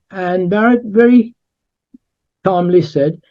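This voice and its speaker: A man talking as an author and guest on a podcast, in a measured, emphatic, lecturing way. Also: high voice, muffled recording. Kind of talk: podcast conversation.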